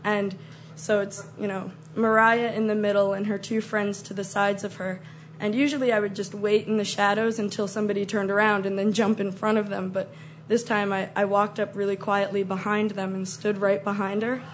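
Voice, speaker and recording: A woman telling a comic story, acting out scenes with loud shrieks and mock voices. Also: medium pitch, flat delivery, moderate pace, slight background noise.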